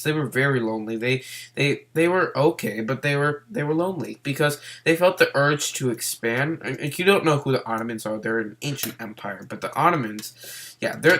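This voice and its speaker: A man's voice: medium pitch, fairly bright tone. A man giving casual let's-play commentary while he plays, rambling in a hyper, silly way. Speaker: gameplay commentator.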